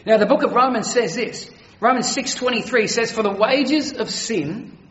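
A man's voice: very high-pitched, fairly bright tone, muffled recording. Emphatic preaching man, echoey hall. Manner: earnest, emphatic preaching with slowed stresses. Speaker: pastor. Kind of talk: sermon.

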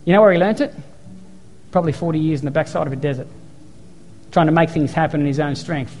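A pastor delivers his sermon in a slightly high voice, acting out quoted lines and driving points home by repeating them. Soft music plays faintly behind him. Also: fast, long pauses, long reverb tail. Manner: storytelling, emphatic repetition, acts out quotes.

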